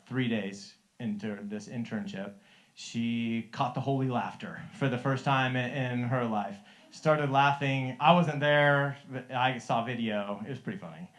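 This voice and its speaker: A middle-aged man and Christian life coach telling a testimony to a live group, earnest and often laughing, with many restarts. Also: mid-range voice.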